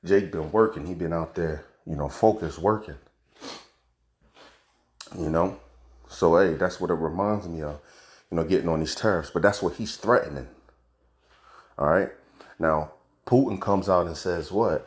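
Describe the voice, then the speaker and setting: Man, deep, casual street-slang commentator with a preacher's bent. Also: normal speed, pauses often. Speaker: religious commentator. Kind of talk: casual commentary on news and prophecy.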